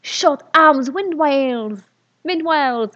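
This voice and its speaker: A woman's voice: high voice, animated, drawn-out words, bright, forceful tone. Sarcastic woman reading a story aloud. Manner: sarcastic, swears in asides, mocks the text. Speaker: reader. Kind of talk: reading fan fiction aloud with commentary. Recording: dull lo-fi recording.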